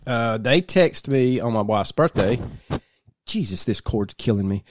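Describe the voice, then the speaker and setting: A man's voice: mid-range voice, expressive, a little slow, no room sound. Guy cohosting a podcast, rambly, laughs a lot, dry close sound. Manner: laughs often, rambling storyteller. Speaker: podcast co-host. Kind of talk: casual podcast banter.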